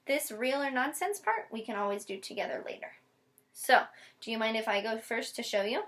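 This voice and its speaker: A woman teacher giving a patient one-on-one phonics lesson, modeling each step slowly and spelling words out letter by letter. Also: fairly high pitch, expressive, fairly bright tone. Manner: slow, deliberate modeling with frequent check-ins. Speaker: special education teacher.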